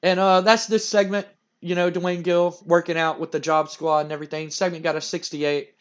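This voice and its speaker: A man's voice: fairly high pitch, level tone, a little fast, clean tone. A man narrating a wrestling game playthrough in a casual, rambling way. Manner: rambling, many "like" and "and everything" fillers. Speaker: let's-play narrator.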